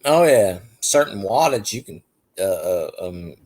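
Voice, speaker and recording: A man in a casual chat who chimes in with quick side stories and easy agreement. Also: sits low, very animated, over a noisy crowd. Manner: chatty, jumps in with side stories.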